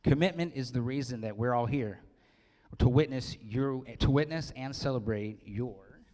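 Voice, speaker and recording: A man's voice: medium pitch, normal speed, dark tone. A man in his forties giving a joking, self-deprecating wedding speech and laughing often. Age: 40s. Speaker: wedding speaker. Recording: long hall reverb.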